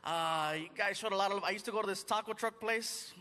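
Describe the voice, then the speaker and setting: A man's voice: high-pitched, fast talker. A man performing stand-up comedy on a theater stage, telling stories animatedly and slipping into put-on voices. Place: large theater stage before a live audience. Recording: live theater recording with loud crowd laughter.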